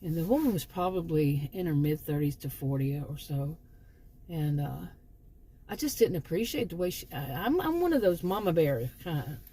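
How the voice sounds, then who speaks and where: Her voice is low, warm and husky, with lively intonation and a moderate pace. A channel host who once taught sociology, she shares a personal story in a loose, talkative monologue, frequently starting over mid-thought.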